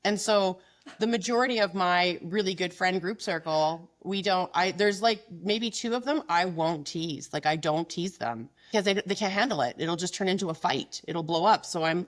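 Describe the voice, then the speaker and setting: A blunt middle-aged woman talks fast and frankly in a relaxed interview. Her voice sits a little low, and she mocks people by quoting them in put-on voices. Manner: blunt, emphatic, quick-talking with mocking quoted voices. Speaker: guest, business founder. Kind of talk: casual interview chat.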